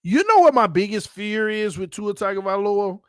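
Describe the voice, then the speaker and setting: High-voiced animated American sports fan host. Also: male voice, normal speed, dry recording, clean studio sound. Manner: animated, teasing, bursts into loud excited hollering. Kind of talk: casual fan commentary vlog.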